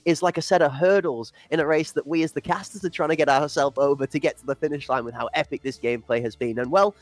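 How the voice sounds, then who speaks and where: A man casting an esports match live, talking quickly in long run-on sentences and tripping over his words. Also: fairly high pitch, no echo. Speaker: esports caster.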